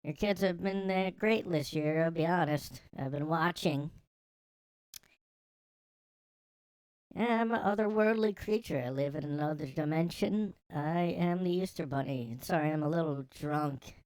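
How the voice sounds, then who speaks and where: A man's voice: fairly high pitch, normal speed, hardly any pauses, darkish tone, clear, resonant tone, voice pushed up, natural voice. A man voicing a foul-mouthed, drunk and bitter male Easter Bunny who swears and rants in self-pity, as a comedy sketch. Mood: fake cheerful. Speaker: podcast host. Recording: echoey, long reverb room.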